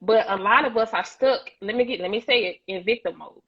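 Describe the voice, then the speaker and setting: A woman's voice: medium pitch, brisk, slightly rough, highs cut off. A woman on a talk show panel, speaking emphatically and preachily and repeating words as she builds each point. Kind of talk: impassioned discussion.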